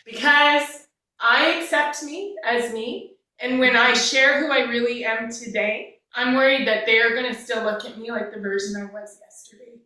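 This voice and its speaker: A woman's voice: fairly high pitch, fairly even intonation, moderate pace, sharp tone, far from the mic. A woman, a life coach and counselor, talking candidly and emotionally in casual conversation, swearing now and then. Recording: echoey room, away from the mic.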